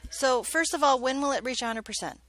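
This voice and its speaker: Bright-voiced chatty woman math teacher. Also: high-pitched, expressive, fairly quick, no echo. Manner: chatty, joking, asks many questions. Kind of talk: classroom lesson. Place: classroom.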